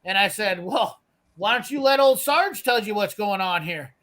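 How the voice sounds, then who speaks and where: Brash high-voiced swearing storyteller. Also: male voice, expressive, moderate pace, bright, forceful tone. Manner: brash, swearing, acts out quoted lines. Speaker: storyteller on a live garage show. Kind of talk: casual profane storytelling.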